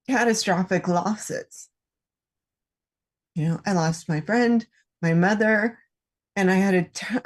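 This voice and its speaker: A woman on an online call sharing personal experience in a heartfelt, halting way. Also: medium pitch. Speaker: panel participant. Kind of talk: casual online chat.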